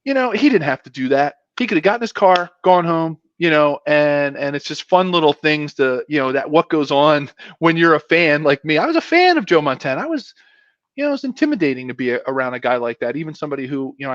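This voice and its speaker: A middle-aged man, a former pro football player, telling stories in a casual, animated way and putting on voices for quotes. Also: on the high side, fast talker, no echo, dull audio. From Pennsylvania. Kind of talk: casual storytelling.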